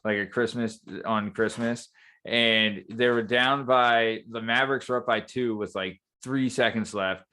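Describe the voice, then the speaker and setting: A man's voice: mid-range voice, a bit bright, clean tone. A man co-hosting a podcast, chatting with enthusiasm and a lot of swearing. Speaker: podcast co-host. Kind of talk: casual chat.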